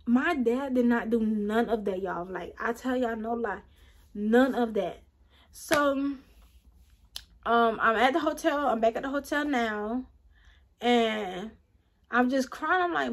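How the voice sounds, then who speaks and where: A young woman telling a storytime vlog straight to her viewers, animated and acting out what people said. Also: on the high side, slow pace, pauses often. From Atlanta, USA. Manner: animated, talks straight to viewers, acts out quotes. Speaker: vlogger.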